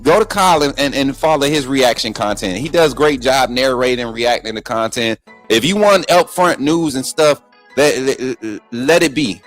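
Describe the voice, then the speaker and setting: A man's voice: medium pitch, moderate pace, faint music behind. A man hosting a live sports talk stream, combative and repetitive, talking straight to his viewers and reading out their chat messages. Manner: combative, repeats himself, talks straight to viewers. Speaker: sports show host.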